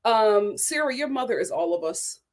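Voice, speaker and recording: A woman's voice: on the high side, normal speed. A woman hosting a reality TV recap, talking casually and sassily, laughing and acting out the people she quotes. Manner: sassy, animated, laughing, acts out quotes.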